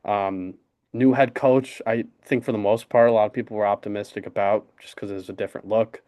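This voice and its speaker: A man's voice: on the low side, steady tone, fairly quick, warm tone. A young man, co-hosting a podcast in casual, rambling sports chat full of fillers and restarts. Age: young adult. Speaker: podcast co-host.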